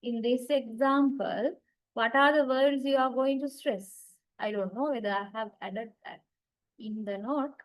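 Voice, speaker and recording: A woman's voice: on the high side, measured pace, rough recording. A woman lecturing on English grammar in an online class, patiently repeating her key points and checking in with her students.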